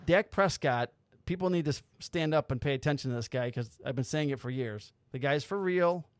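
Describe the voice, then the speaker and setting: Speaking fairly quickly in a clear, resonant mid-range voice, a male podcast host tells stories over casual chat. He's animated, acts out what people said, and doesn't hold back on swearing.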